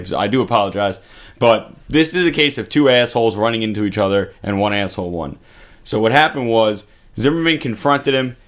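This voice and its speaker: A man's voice: mid-range voice, a bit bright. A man giving blunt, profane political commentary in casual chat, co-hosting a talk video.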